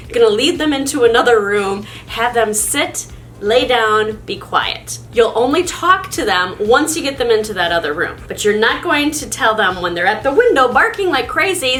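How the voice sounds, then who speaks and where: Woman, vlog host, casual how-to talk, chatty and upbeat, bright voice, lively pitch. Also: normal speed, a little hiss or hum. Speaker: dog owner and video host.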